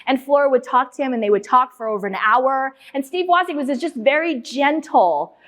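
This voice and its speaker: A woman's voice: sits high, fairly quick. A woman lecturer giving an interactive talk. She quizzes the audience, repeats their answers back and tells anecdotes, often checking in with "right?" and "okay?". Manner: lively anecdotal storyteller with frequent "right?" and "okay?". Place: large lecture hall. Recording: long hall reverb.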